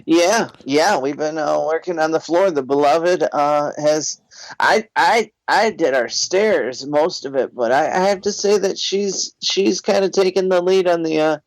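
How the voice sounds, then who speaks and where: A middle-aged man co-hosting a casual podcast, easygoing and halting, laughing often. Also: fairly high pitch, dry recording, poor audio. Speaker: podcast co-host. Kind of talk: casual comedy podcast banter.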